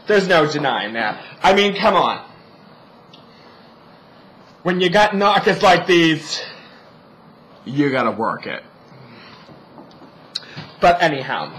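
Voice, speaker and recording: Sassy, lively-voiced drag queen man. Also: fairly high pitch, low-quality recording. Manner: sassy, profane, joking. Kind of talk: campy casual vlog monologue. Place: indoors at a family home.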